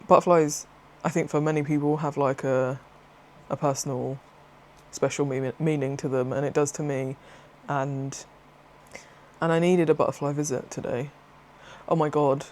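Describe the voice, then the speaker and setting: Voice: mid-range voice, moderate pace, slight background noise. Chatty craft vlogger, rambling. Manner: rambling, excitable, self-interrupting, laughs often. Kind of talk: casual chatty vlog.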